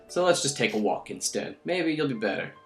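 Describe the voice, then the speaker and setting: Young male host, mid-pitched, rambling sarcastic game recap over faint music. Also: sing-song, brisk, creaky, fairly bright tone. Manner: rambling, sarcastic, crude, with fillers. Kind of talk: casual game recap commentary.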